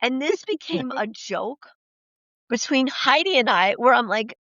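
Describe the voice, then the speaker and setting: A woman hosting a podcast, telling profane, lively stories in casual chat and acting out the quoted lines. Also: on the high side, moderate pace, no room sound. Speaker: podcast host. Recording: dull, dry lo-fi podcast audio.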